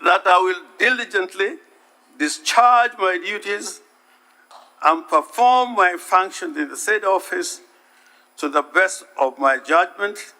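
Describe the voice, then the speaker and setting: Man with a gravelly, bright voice. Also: sits high, lively intonation. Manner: deliberate, emphatic, repeats key words. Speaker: counsel addressing the Senate. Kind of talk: formal legal submission. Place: legislative chamber.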